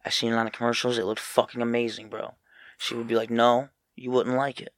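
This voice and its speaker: A young man, a podcast guest telling profane, animated stories in casual chat. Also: medium pitch, a little fast, no room sound, studio quality. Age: young adult. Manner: profane, animated storytelling with loud mocking impressions.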